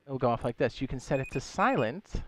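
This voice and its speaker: In a casual live-stream tutorial, a chatty game streamer explains the mechanics step by step, reading chat questions aloud and adding playful asides and goofy sound effects. His expressive, medium-pitched voice is a bit bright and fairly quick, with a little hiss or hum on the recording.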